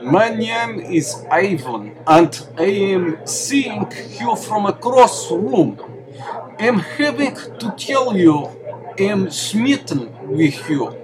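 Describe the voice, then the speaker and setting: A cheesy fake-Russian bar flirt. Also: male voice, high-pitched, sing-song, crowd noise, voice pushed up, exaggerated voice, poor audio. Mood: smarmy, flirting. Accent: exaggerated fake Russian. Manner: slow, heavily overdone accent with dropped articles.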